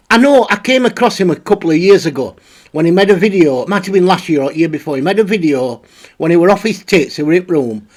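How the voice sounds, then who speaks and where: A man hosting a casual, rambling commentary on online drama. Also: high voice. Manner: rambling, blunt, with frequent restarts. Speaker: commentary channel host.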